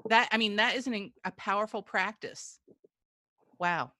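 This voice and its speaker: A woman's voice: medium pitch, moderate pace, bright, forceful tone, no echo, clean studio sound. A woman hosting a podcast interview, effusive and emotionally responsive to her guest. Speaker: podcast host.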